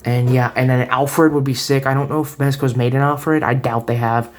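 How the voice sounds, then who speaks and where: A man's voice: mid-range voice, fairly even intonation, moderate pace. A man giving a casual toy review at home, chatty and rambling, often restarting his sentences, recorded on a camera set on a table. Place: home room.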